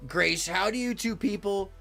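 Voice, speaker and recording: A man's voice: high voice, normal speed, gravelly, pushed and bright, soft background music. A man hosting a livestream, ranting at his chat in a profane, sarcastic, indignant way. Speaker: livestream host. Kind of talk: heated livestream rant at chat.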